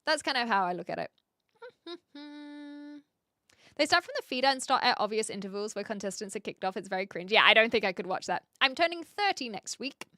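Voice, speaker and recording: A woman's voice: fairly high pitch, very animated, a little fast, sharp tone, dry recording, studio quality. A woman from New Zealand with a British accent and a slight Australian twang, chatting casually as a streamer, reading viewer messages aloud and laughing often.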